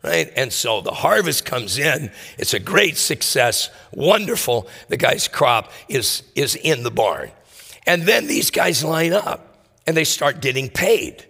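Male pastor, husky and bright, slow animated sermon delivery, hall reverb. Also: mid-range voice. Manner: animated storytelling, acts out voices.

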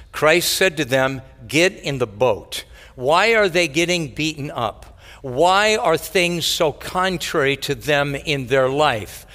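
Bright-voiced man preaching in a reverberant hall. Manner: expressive preaching, swinging from loud high peaks to soft low asides. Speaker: pastor. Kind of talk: sermon.

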